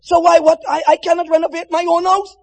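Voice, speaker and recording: A man's voice: very high-pitched, level tone, fairly quick, in a large hall. A man preaching puts on an indignant man who protests that he is only renovating his own house.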